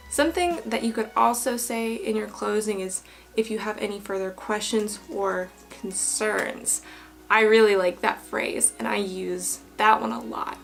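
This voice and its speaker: A young woman teaching business English, explaining clearly and reading example emails aloud with patient care. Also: medium pitch, unhurried, faint music behind. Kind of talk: online lesson explanation.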